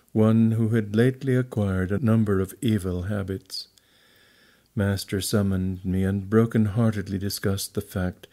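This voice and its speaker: A man reading a memoir aloud as an audiobook narrator, in a measured, deliberate style. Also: fairly low pitch, warm tone. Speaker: audiobook reader.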